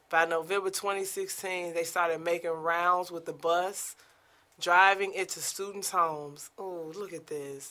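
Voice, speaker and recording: Bright-voiced host reading a story aloud. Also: mid-range voice. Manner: breaks off from reading to react playfully. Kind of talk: reading a news story aloud with casual asides.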